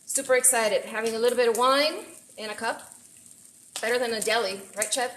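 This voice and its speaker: A woman chef hosting a casual live cooking stream, chatty and excitable as she greets viewers from her kitchen. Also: a little high, brisk, a little hiss or hum, rough recording. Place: home kitchen. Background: faint frying and sizzling.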